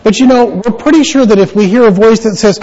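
A man's voice: high voice, quick pace, warm tone, highs cut off. A man pastor giving a playful children's sermon in a church, quizzing the kids with questions.

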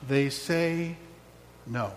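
Slow-preaching pastor in echoing church. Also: male voice, mid-range voice, slight background noise. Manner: slow, reflective, wry asides. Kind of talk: sermon.

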